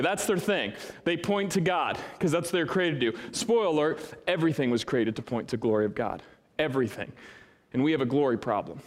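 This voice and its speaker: Pastor guy giving a sermon, chatty and animated, kinda highish voice, echoey church. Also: fairly quick. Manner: animated, conversational. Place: church hall. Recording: long hall reverb.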